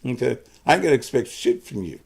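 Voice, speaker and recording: A man's voice: medium pitch, big pitch swings, fast, creaky, darkish tone, slightly rough. A man hosting his own live stream, talking to commenters in a profane, combative way. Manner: profane, combative, cusses out viewers. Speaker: host of his own show.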